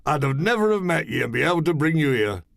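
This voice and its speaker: A man's voice: on the high side, sing-song, quick pace, vocal fry, dry recording, clean studio sound, pitched above the performer's own voice. A man voicing a bossy, skinny man in a suit who scolds in old-fashioned slang. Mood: blustering.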